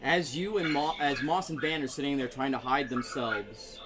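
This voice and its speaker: A man's voice: mid-range voice, normal speed, music in the background, rough recording. A man running a tabletop role-playing game as game master, narrating casually with fillers and laughs. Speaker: dungeon master.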